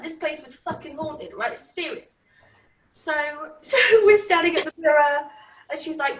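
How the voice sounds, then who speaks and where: A woman with a British accent telling a story in a casual, animated way, laughing often and swearing. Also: high voice, normal speed. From Britain. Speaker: channel host. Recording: roomy, distant from mic.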